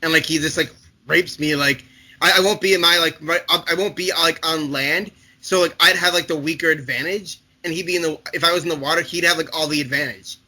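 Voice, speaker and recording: A young man chatting loosely with a friend, stumbling through his thoughts with lots of restarts. His voice is very bright and sits a bit high for a man. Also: steady tone. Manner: rambling, halting, many restarts and fillers. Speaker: podcast co-host. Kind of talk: casual chat.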